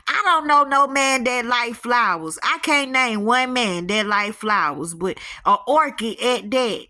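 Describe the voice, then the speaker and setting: Woman, animated storytelling, crisp bright voice, dry close sound. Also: fairly high pitch, unhurried, hardly any pauses, no room sound. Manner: animated, acts out quoted voices. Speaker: spiritual storyteller. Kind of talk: casual storytelling to viewers.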